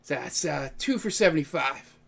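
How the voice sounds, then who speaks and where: A man's voice: on the high side, animated, normal speed, creaky, a bit bright. A young man narrating as game master of a tabletop game, speaking hesitantly with many fillers. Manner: hesitant, many ums and uhs.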